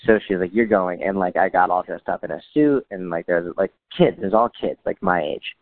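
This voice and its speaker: This man's voice is low and runs a little fast over dry, phone-like audio. Appearing as a guest, he shares amusing stories in a casual storytelling chat, deadpan throughout, voicing the people he quotes with plenty of life.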